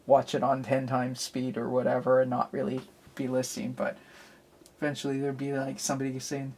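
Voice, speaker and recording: Chatty woman with a gravelly edge. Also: a bass voice, monotone, fairly quick, a little mellow. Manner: chatty, rambling, self-deprecating asides. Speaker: artist vlogger. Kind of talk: casual chat while inking a cartoon. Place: at a drawing desk under bright lights.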